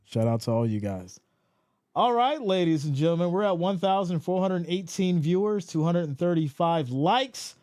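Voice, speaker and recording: Male stream host calling game plays; fairly high, animated, dry mic. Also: normal speed, no room sound. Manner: animated, rises in pitch when excited. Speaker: live stream play-by-play host. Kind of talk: play-by-play commentary with chat reading.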